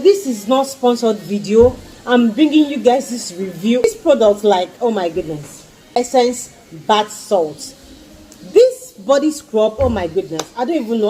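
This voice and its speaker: A woman's voice: mid-range voice, expressive, measured pace, warm tone, poor audio. A woman reviewing skincare products in a casual vlog, gushing and repeating her exclamations and pleas. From Nigeria. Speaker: skincare vlogger.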